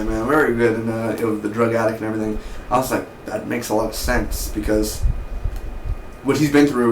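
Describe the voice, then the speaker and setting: A man giving a casual, excitable spoken TV review, full of slang and mock voices for the characters. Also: mid-range voice, roomy sound, a little hiss or hum, low-quality recording. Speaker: TV show reviewer.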